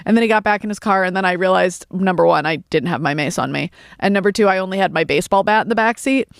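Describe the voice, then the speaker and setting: A woman comedian chatting as a podcast guest, telling an animated, profane story. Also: fairly low pitch, fast, gravelly, no room sound, studio quality. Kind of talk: casual podcast chat.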